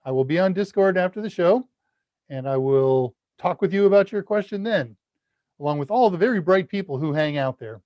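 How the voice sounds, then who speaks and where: A man from the United States runs a casual live Q&A, reading viewer comments and chuckling at his own quips. His voice sits a little high. The audio is dull and lo-fi, close and dry. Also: animated, a little fast, no room sound. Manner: chatty, self-deprecating, laughs at own jokes. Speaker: livestream Q&A host.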